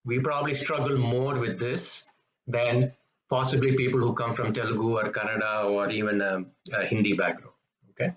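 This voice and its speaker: A man's voice: mid-range voice, level tone, a bit bright. Man, echoey room. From Tamil-speaking background, South India. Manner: patient, repeats example sounds slowly. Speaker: teacher. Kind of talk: explanatory lesson on pronunciation. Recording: echoey, slightly dull room recording.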